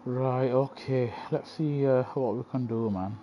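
A man's voice: medium pitch, moderate pace, dull audio, slight background noise. Muttering man streaming a racing game. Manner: muttering to himself, bursting into excited shouts. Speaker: gaming streamer. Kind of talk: live gameplay commentary. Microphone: gaming headset. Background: game music and car engine sounds.

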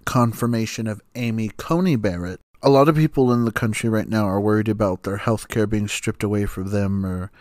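A young man rambles through a personal story as a podcast host. His voice sits fairly low, and he leans on fillers and casual swearing. The recording is dry and close to the mic. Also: a little fast, few pauses, darkish tone, no room sound. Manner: rambling, many fillers, swears, laughs while telling.

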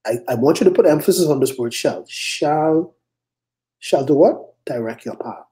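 A male pastor preaching a sermon, emphatic, swinging into quick acted-out prayers and sharp rising challenges. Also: mid-range voice, expressive.

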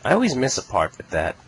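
A man's voice: medium pitch, huge pitch swings, normal speed, a bit bright, slightly rough, low-quality recording. A man giving casual gaming commentary, joking, laughing and cursing often. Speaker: let's play host.

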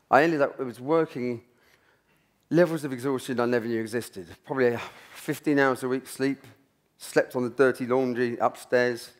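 A man's voice: medium pitch, fairly even intonation, moderate pace. A middle-aged man, telling a rambling story from his kitchen career at a symposium, often restarting his sentences. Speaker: chef giving a talk. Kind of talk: anecdotal talk at a symposium.

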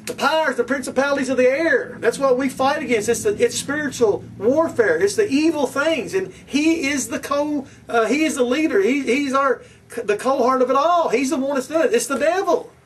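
High-voiced fiery man preaching a sermon. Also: moderate pace, husky. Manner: preachy, repetitive, fiery and confrontational. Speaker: pastor. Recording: distant from the mic.

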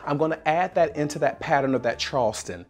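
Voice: mid-range voice, fast, soft background music. A dance instructor from South Carolina, leading a dance tutorial by counting beats aloud and scatting rhythms, with plenty of energy.

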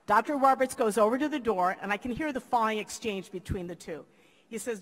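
An older woman from the Philippines giving a commencement speech, telling a lively story and acting out the voices of the people in it. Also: mid-range voice, fast talker. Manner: lively, acts out quoted voices. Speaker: commencement speaker. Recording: long hall reverb.

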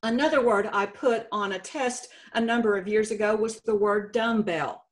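A woman contest director giving a slow, deliberate instructional talk on spelling rules. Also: medium pitch. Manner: slow, deliberate teacherly explanation. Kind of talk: instructional presentation.

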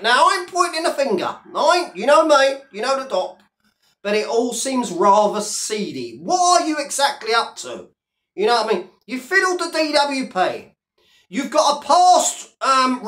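A man's voice: sits high, fairly bright tone. A man delivering a taunting video rant, speaking straight to a rival and repeating his jabs. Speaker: vlogger. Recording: roomy echo.

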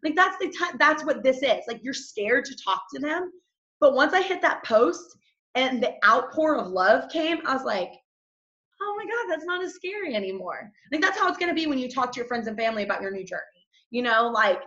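A peppy young woman coaches her team on a call, chatty and casual with lots of "like" and "y'all." Her voice is bright and ringing, a little high. It sits in an echoey room on a dull, lo-fi recording.

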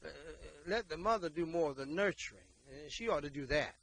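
A man, preaching a sermon and leading prayer, emphatic and repetitive, moving between loud exhortation and quiet talk. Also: a little high, animated, fairly quick, no room sound, low-quality recording.

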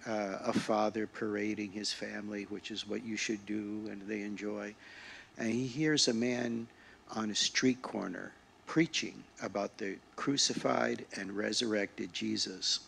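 Guy speaking at a church service, gravelly low-key voice, quiet and reflective. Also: a little hiss or hum. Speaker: lay speaker. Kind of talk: sermon with readings.

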